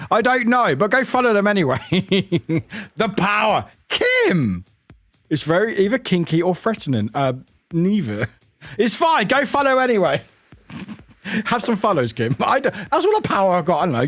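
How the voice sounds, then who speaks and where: A man's voice: high voice, a bit bright, no room sound. A man streaming a game and chatting casually with viewers, rambling, laughing often and swearing casually.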